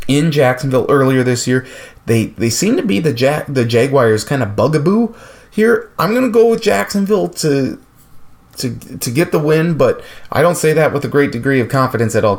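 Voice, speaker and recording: A man hosting a sports podcast, running through game picks with frequent fillers and restarts. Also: mid-range voice. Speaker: podcast host.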